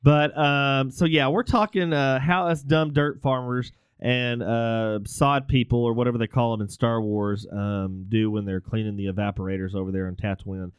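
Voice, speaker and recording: A man's voice: medium pitch, steady tone, moderate pace, few pauses, clear, resonant tone, dry recording, clean studio sound. A man hosting a casual podcast, joking and self-deprecating, often stumbling over his words. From Texas, United States. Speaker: podcast host.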